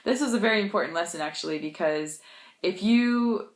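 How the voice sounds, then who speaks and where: A woman's voice: medium pitch, brisk, roomy sound. A woman vlogging about learning a language, chatty and self-deprecating, telling stories and laughing often. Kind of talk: casual storytelling vlog.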